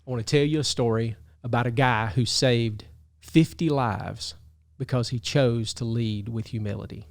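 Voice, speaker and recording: A man hosting a video who tells a story in casual talk, animated, chuckling often and restarting his sentences. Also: mid-range voice, moderate pace. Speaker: video host.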